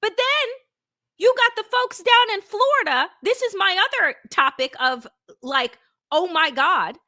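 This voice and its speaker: A woman's voice: very high-pitched, lively intonation, unhurried, bright, forceful tone, no echo, clean studio sound. A middle-aged woman hosting her own show, talking through politics in a casual, indignant way, swearing freely and using lots of fillers. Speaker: political commentary host.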